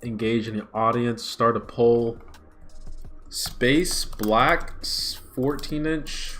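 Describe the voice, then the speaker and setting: A man hosting a live watch-party stream who swings between hyped shouting and muttered grumbling, recorded on a smartphone. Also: medium pitch, slow pace, faint music behind. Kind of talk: excitable live reaction stream.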